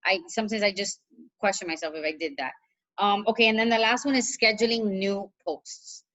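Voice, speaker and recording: A woman's voice: medium pitch, steady tone, brisk, fairly bright tone, low-quality recording. A woman coach talking casually on a video call, chatty and encouraging, with plenty of fillers. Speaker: coach mentor.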